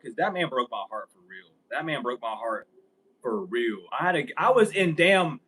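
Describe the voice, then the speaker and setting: A young man talks straight to camera in a loose, rambling monologue, cursing freely and breaking into laughter. His voice sits a touch high for a man. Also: expressive, normal speed, a bit bright, husky, rough recording. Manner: profane, rambling, laughs often. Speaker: vlogger. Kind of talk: casual storytelling monologue.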